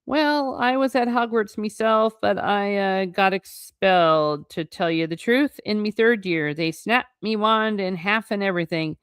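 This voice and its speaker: A woman reading the lines of a huge, gruff but kindly male groundskeeper in her own plain voice, without trying his accent. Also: mid-range voice, a little slow, hardly any pauses, dry recording, studio quality, close to an everyday voice. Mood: sheepish. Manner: plain read-aloud, no accent attempted.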